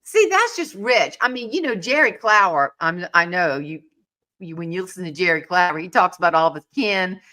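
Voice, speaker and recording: A woman's voice: on the low side, animated, normal speed, bright, forceful tone. A woman interviewing in a casual chat, reacting with chatty exclamations.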